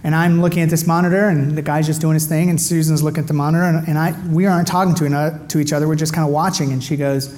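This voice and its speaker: A middle-aged man giving an animated storytelling testimony, his voice leaping up with excitement as he acts out dialogue. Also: a little high, fast talker, hardly any pauses. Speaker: speaker giving a personal testimony.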